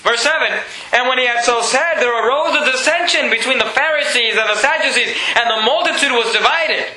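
A man preaching a lively sermon. He reads scripture aloud and acts out the people in the story. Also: very high-pitched, a little fast. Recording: echoey room.

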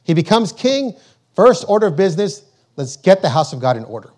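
A man preaching a sermon, emphatic and repetitive, slowing down to read scripture aloud. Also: high-pitched, very animated, a little mellow.

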